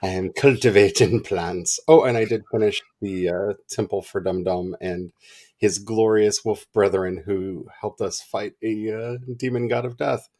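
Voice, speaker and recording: A man co-hosting a livestream in casual chat, animated and chatty, laughing often. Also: lowish voice, a little slow. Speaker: livestream co-host.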